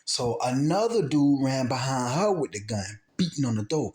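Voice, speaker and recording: A man's voice: mid-range voice, moderate pace. A man casually telling a personal story, acting out quotes and sound effects and often repeating himself. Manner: animated, acts out gunshots and quotes, repeats himself. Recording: roomy echo.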